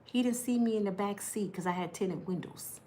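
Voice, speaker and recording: A woman telling a personal story in a lively, colloquial way, acting out voices and laughing, addressing her listeners directly. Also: mid-range voice, moderate pace, slight background noise.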